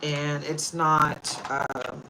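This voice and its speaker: Chatty woman in her forties, low voice. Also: flat delivery, drawn-out words, very noisy. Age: 40s. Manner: chatty and candid, laughs often. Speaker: oracle card reader. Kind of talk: casual livestream talk.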